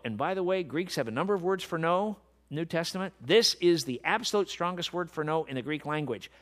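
A man preaching a sermon, dropping to soft, low speech and then building to loud, emphatic peaks. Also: big pitch swings, fairly quick, few pauses.

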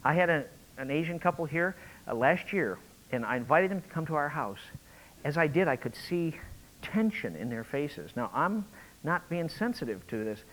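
A man preaching a conversational, animated sermon, acting out quotes as he goes. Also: a little high, normal speed, rough recording. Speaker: pastor.

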